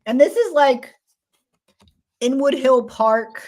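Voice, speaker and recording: A woman's voice: high voice, expressive, takes it slowly, a little mellow. A woman with a New York accent co-hosting a casual livestream chat, talking in a rambling, self-interrupting way. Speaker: co-host.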